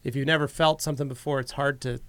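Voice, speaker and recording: Gravelly smooth-voiced man chatting casually. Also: medium pitch, fairly even intonation, quick pace, a bit bright. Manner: easygoing storyteller, many fillers. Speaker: podcast co-host. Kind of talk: casual podcast chat.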